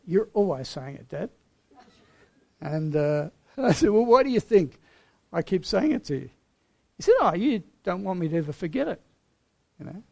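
A middle-aged man delivers a sermon from the pulpit, his voice slightly high for a man and edged with gravel. He speaks earnestly, telling stories and letting key words settle with gentle pauses. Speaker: pastor.

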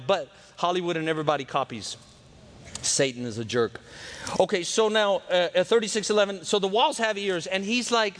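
A man preaching a lively sermon, swinging from shouts to hushed tones and acting out the voices in the story. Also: high-pitched. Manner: animated, swings between loud and hushed, acts out voices.

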